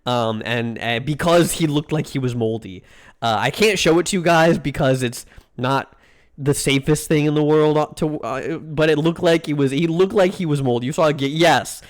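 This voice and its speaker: A male streamer chats live with his viewers in a loose, rambling way, trading crude jokes and dragging out food names. His voice sits a little higher than most men's. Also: moderate pace. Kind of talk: casual live-stream chat.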